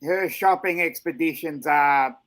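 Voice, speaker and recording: Male co-host, bright and higher-pitched, relaxed banter. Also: a little slow. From Australia. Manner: laughing, easygoing banter. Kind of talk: casual chat.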